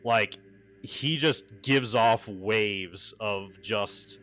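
A man's voice: mid-range voice, very slow, long pauses, bright, forceful tone, soft background music. A man game master narrating a tabletop game in a casual, rambling way.

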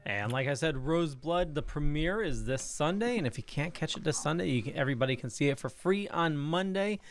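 A man's voice: fairly high pitch, expressive, brisk, a little hiss or hum. Easygoing male podcast host. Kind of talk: casual chat.

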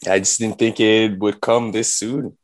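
A man guest on a podcast, chatting about basketball in a measured, laid-back way. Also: on the low side, flat delivery, faint music behind. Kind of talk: casual sports chat.

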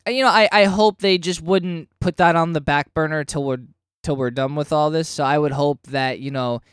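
A man co-hosting a casual podcast, reviewing comics and getting animated and swearing when worked up. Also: a little high, normal speed, smooth, no echo, studio quality. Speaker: podcast co-host.

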